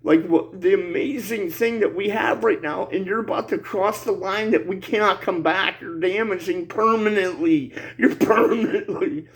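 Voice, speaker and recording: A man's voice: high-pitched, moderate pace, few pauses, a little hiss or hum, poor audio. A man in his forties delivering a heated, profane vlog rant, rambling and repeating himself, peppering every line with "bro" and "dude.". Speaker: vlogger.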